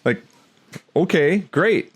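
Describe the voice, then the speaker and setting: A man's voice: a little high, animated, slow, slightly rough. A man in his forties co-hosting a podcast, chatting casually in an eager, rambling way and acting out hypotheticals. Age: 40s. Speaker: podcast co-host.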